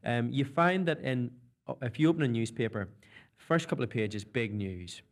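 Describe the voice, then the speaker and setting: A man's voice: medium pitch, lively intonation, moderate pace. A young man with a Northern Irish accent, a comedian guest telling stories in a radio interview. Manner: chatty storytelling, slipping into mimicked voices.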